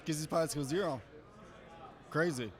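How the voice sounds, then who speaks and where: A man's voice: fairly high pitch, normal speed. Male co-commentator over crowd chatter. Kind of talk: live tabletop game commentary. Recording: busy crowd chatter behind.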